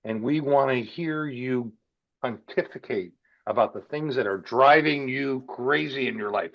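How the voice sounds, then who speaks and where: A man's voice: medium pitch, a little slow. Playful man, dull lo-fi audio. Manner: playful, building to animated bursts. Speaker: co-chair. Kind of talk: casual announcement.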